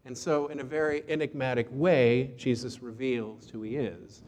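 Conversational priest preaching in reverberant church. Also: male voice, medium pitch, steady tone, normal speed, a little mellow. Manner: conversational, storytelling, folksy asides. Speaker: Episcopal priest. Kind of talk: sermon. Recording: long reverb in a church hall.

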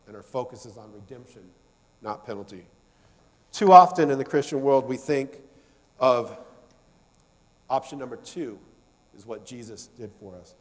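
A male preacher giving a sermon, telling a story with loud emphasis that drops to soft, low asides. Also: long reverb tail.

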